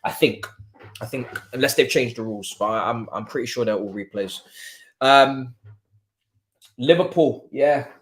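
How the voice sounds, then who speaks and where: A man hosting a live football watchalong stream, chatting casually and breaking into excited cheers. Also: medium pitch, normal speed, long pauses. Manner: excitable, jumps from calm chat to loud cheering. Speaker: livestream watchalong host.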